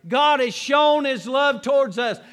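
A man's voice: extremely high pitch, a little slow, a bit bright, big-room sound. A man preaching a sermon, telling folksy stories and then building to fervent preaching. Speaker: pastor.

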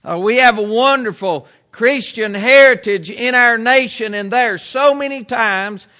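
A man's voice: very high voice, a little slow, sharp tone. A middle-aged preacher from the United States delivering a sermon in an earnest, emphatic way, repeating his points.

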